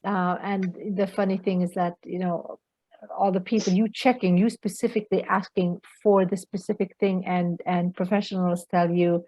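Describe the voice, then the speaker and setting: A woman's voice: lowish voice, flat delivery, normal speed, warm tone, dry recording, rough recording. A woman interviewing a mother, supportive and offering short affirmations. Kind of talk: casual interview.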